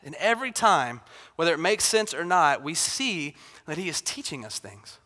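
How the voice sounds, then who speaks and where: A man's voice: a little high, big pitch swings, normal speed, sharp tone. A man preaching a sermon in a conversational way, often acting out quotes with rising intensity. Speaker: pastor. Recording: reverberant hall.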